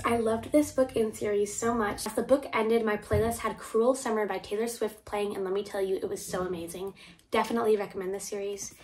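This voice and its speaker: A teenage girl chatting casually about books she read, rambling with lots of fillers. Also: medium pitch. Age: teens. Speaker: book vlogger. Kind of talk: casual reading wrap-up chat. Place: home, family noise nearby.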